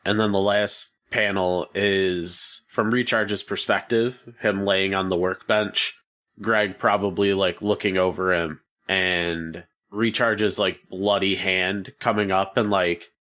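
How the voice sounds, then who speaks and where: Low-voiced man describing game scenes. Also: bright, forceful tone. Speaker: player. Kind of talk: describing comic panels in a tabletop game.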